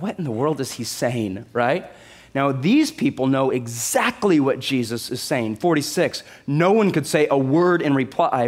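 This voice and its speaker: A male pastor delivers a sermon with lively, animated storytelling, often pausing to ask his listeners "right?". His voice sits a little higher than most men's.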